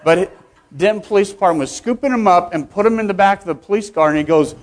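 A middle-aged man gives a speech to fellow judges in a loose, conversational way. His voice sits a little high, and he often repeats or restarts words as he goes. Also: fast talker. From Texas. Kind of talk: conference speech with anecdotes.

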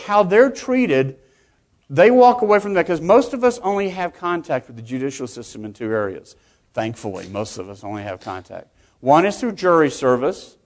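A middle-aged man gives a speech to fellow judges in a loose, conversational way. His voice sits a little high, and he often repeats or restarts words as he goes. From Texas. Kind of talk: conference speech with anecdotes.

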